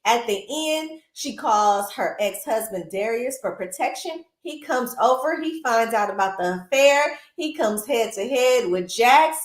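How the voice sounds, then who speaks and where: A woman hosting a casual movie recap, animated and chatty, with lots of asides to her viewers, recorded in a roomy space. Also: fairly high pitch, a little slow, hardly any pauses. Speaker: film recap host. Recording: roomy echo.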